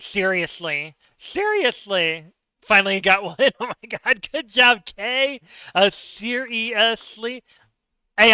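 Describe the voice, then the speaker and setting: A man's voice: sits high, pushed and bright, clear, resonant tone, no room sound, muffled recording. A man streaming live word games, thinking aloud, chatting with viewers and poking fun at himself.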